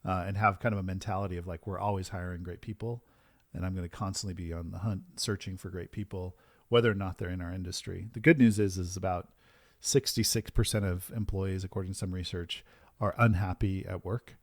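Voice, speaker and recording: A man hosting a business podcast, talking in an energetic, emphatic way and often tagging his points with "right?". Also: sits low, fairly quick, no room sound, clean studio sound. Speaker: podcast host and business coach. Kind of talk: casual podcast conversation.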